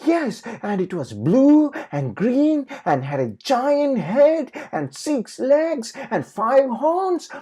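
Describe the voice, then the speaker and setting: A woman voicing an excitable little piglet girl who exaggerates and cries out, for a children's storybook. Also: high voice, takes it slowly, hardly any pauses, slightly rough, pitched above the performer's own voice, full character voice. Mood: excited, fearful. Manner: squealing and cries out.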